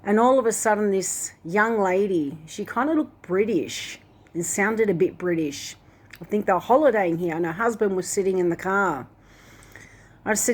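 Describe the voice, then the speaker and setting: A woman's voice: mid-range voice, moderate pace, slightly rough. Woman rambling through a dream account. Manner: rambling, many fillers like "like" and "and that". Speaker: Christian video host. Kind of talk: casual dream retelling.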